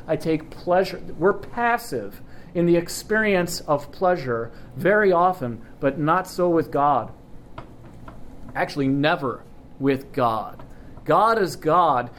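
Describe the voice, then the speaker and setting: Emphatic male preacher, slightly high voice. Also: a little hiss or hum. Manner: measured, emphatic preaching with slow stressed phrases. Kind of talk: sermon.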